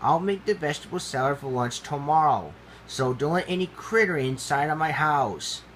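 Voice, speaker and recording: A man's voice: on the high side, moderate pace, fairly bright tone, a little hiss or hum, lightly acted. A man voicing a stern, curt male animal boss in a storybook reading.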